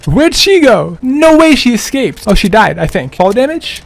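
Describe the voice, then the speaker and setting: A man's voice: very high voice, big pitch swings, normal speed, creaky. A young man giving playful, trolling gameplay commentary, laughing often. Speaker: gaming streamer.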